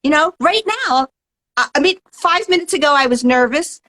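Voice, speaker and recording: High-pitched woman, mindfulness teacher, calm and earnest interview guest. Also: normal speed, rough recording. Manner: calm, earnest, explanatory, many "right?" tags. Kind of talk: interview answers.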